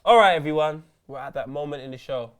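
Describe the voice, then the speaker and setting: Young guy chatting football, slangy and animated, kinda high voice. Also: fast. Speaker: co-host. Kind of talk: casual football chat.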